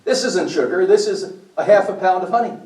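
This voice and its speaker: A man's voice: high voice, a little fast, darkish tone. A man giving a blunt, preachy talk to a group at a health meeting, throwing questions at the audience. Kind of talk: impassioned lecture to a group. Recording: echoey room from far off.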